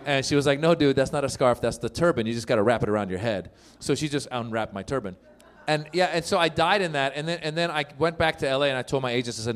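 A middle-aged man from Iran doing a stand-up set at a live show, animated and acting out other people's voices in his stories. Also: medium pitch. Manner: animated, acts out voices of others, quick punchlines. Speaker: stand-up comedian. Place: live comedy show with audience.

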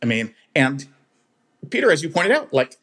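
A man's voice: fairly high pitch, sing-song, moderate pace, a bit bright, husky. A man on a film podcast panel, critiquing a movie in an emphatic, exasperated way. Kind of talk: casual panel discussion.

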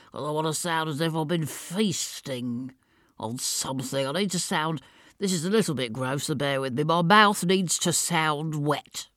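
A woman's voice: deep voice, fairly bright tone, dry recording, clean studio sound. A woman putting on the voice of a portly, pompous older man, with a wet mouth, a lisp and audible breathing as she pontificates. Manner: pontificating, slow and thick-throated. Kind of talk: demonstrating a character voice.

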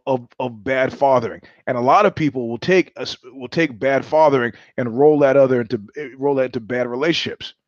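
A man's voice: medium pitch, no echo, muffled recording. A middle-aged man from New York hosting a live-streamed show, telling stories in a blunt, profane, sardonic monologue. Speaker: host.

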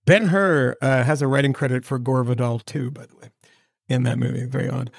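Gravelly rambling male podcast host. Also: mid-range voice, fairly quick, no room sound, clean studio sound. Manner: rambling, animated storyteller. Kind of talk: casual chat.

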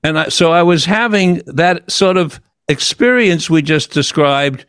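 An older man, the host of an interview, tells a long personal story in an earnest, reflective way. He often stops and restarts his sentences. His voice sits a little high and sounds dry and close. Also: measured pace, a bit bright, clean tone, dry recording.

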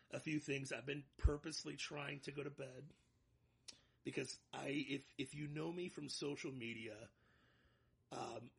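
A man's voice: medium pitch, gravelly, husky. A man in his thirties co-hosting a podcast, talking casually and animatedly, joking and hyping himself up. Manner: animated, jokey, hypes himself up. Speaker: podcast co-host.

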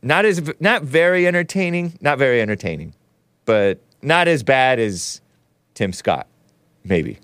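Male show host, sarcastic, lively up-and-down delivery, dry close sound. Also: medium pitch, a little slow, clear, resonant tone, dry recording. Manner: sarcastic, mocking. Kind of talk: casual commentary.

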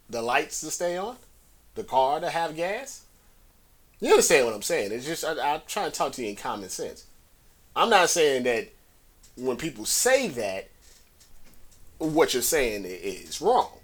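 A man holding forth on his podcast in loose, rambling talk. His pitch sits in the middle for a man. He circles back over his points and lifts his voice when he wants one to land. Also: big pitch swings, moderate pace, pauses often. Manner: conversational, talks in circles, rising emphasis on key points. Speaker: podcast host. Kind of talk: casual solo commentary.

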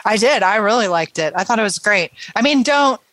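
A woman co-hosting a book podcast, talking in a lively, enthusiastic and playful way. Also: mid-range voice, brisk, dry recording, poor audio. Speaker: podcast co-host. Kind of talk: casual book podcast chat.

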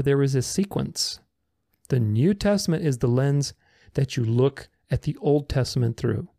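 Man, gravelly, slightly high voice, sarcastic, argumentative, casual commentary. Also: warm tone, no room sound, clean studio sound. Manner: sarcastic, argumentative, reads comments aloud and rebuts them. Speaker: religious commentator responding to comments.

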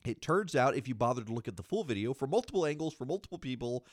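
A man delivers solo political commentary as a podcast host, indignant and argumentative, hammering points home by repeating phrases. His voice sits at an ordinary middle pitch. The recording is dry and close, with no room sound. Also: sing-song, quick pace, no room sound.

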